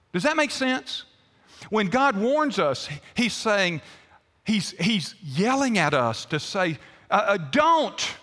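A man's voice: sits high, bright, forceful tone, long reverb tail. A male pastor, preaching an emphatic, story-driven sermon in a church.

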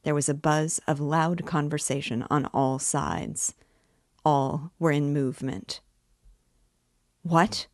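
Slow, low-voiced woman reading aloud. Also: no echo, studio quality. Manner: calm, deliberate reading. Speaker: reader. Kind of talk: audiobook narration.

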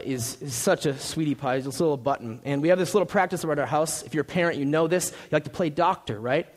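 A young pastor from Minnesota preaching a sermon, friendly and joking, with frequent fillers and restarts. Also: male voice, a little high.

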